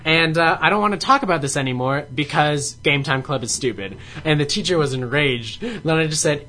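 A woman's voice: low-pitched, animated, brisk, few pauses, a bit bright. A teenage girl co-hosting a casual chat show, cracking sarcastic jokes.

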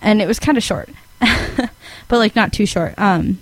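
A teenage girl casually telling a long dream story, giggling and rambling, with high, lively quoted voices. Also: moderate pace, no room sound, rough recording.

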